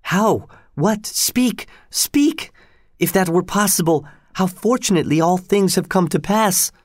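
An anxious, devoted young daughter from a storybook, her voice pushed high and urgent, as a male reader puts her on. The sound is dry and close, with no room around it. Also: very animated, measured pace, no echo, heavily acted. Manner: raised pitch, urgent exclamations. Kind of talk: storybook reading.

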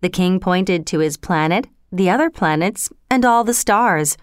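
A woman reads a storybook aloud at a slow, unhurried pace, with lively rises and falls in her voice. Her tone is smooth and clear, and the recording is close and dry. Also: lowish voice, no echo. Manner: slow and expressive.

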